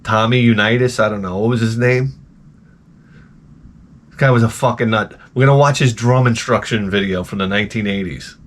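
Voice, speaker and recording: Speaking fairly quickly in a lowish voice, this podcast host drifts through crude, profane rants on his casual talk show. He often shifts into mocking voices.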